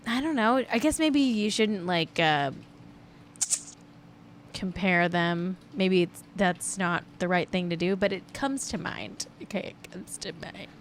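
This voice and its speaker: A woman's voice: fairly low pitch, slow, a little hiss or hum. Chatty woman hosting celebrity gossip. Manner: chatty, rambling, self-correcting. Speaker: celebrity gossip show host. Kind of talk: casual livestream chat.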